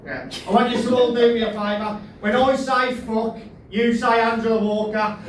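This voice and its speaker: A loud, rowdy Birmingham man doing a guest stand-up spot in a high voice. He sounds distant and roomy, with a faint hum of the room behind him. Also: normal speed. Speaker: guest comedian. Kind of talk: stand-up set. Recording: echoey room from far off.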